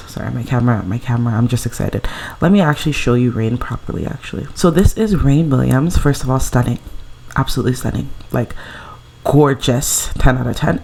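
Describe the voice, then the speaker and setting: A woman's voice: very deep voice, mellow. A woman giving casual, gushing commentary over a life-sim game she plays at home, chatting and laughing often. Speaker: let's play creator.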